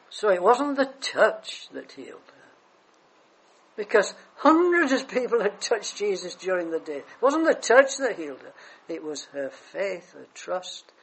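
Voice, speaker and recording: A preacher with a husky, breathy edge to the voice, pitched in the middle. The sermon is delivered as dramatic storytelling, swinging between loud emphasis and quiet, hushed asides. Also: low-quality recording.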